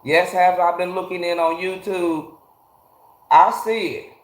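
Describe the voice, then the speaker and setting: A man's voice: high voice, level tone, unhurried. A man hosting a casual livestream, ranting bluntly with lots of swearing and greeting his chat viewers by name, talking into a phone from a garage. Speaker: livestream host. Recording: echoey garage.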